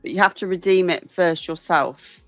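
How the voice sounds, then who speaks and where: A woman's voice: on the low side, moderate pace, dry recording, faint music behind. A middle-aged British woman hosting a casual live stream and chatting through viewer messages. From Britain. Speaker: host.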